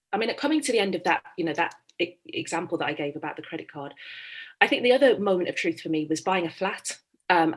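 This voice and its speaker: A woman's voice: lowish voice, breathy edge. A woman telling her money story as an interview guest, candid and fond of quoting dialogue. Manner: candid, tells stories with quoted dialogue. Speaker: guest, founder of a finance company. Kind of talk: conversational interview.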